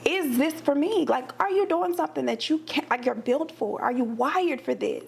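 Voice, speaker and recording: A woman's voice: sits high, normal speed, creaky, a little mellow. A woman talking as a podcast guest in a casual, chatty way, acting out her own thoughts as she tells a personal story.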